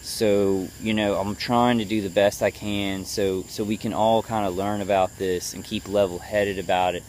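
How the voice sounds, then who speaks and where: Deep-voiced man, halting and calm. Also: slight background noise. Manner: halting, full of fillers and restarts; tries to stay calm and level. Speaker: vlogger. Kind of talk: personal video update.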